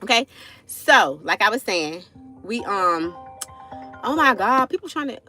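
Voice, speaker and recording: A woman's voice: medium pitch, very animated, a little slow, sharp tone, faint music behind. A woman, telling a casual story on a livestream, chatty, addressing viewers as y'all, with frequent asides. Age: 40s.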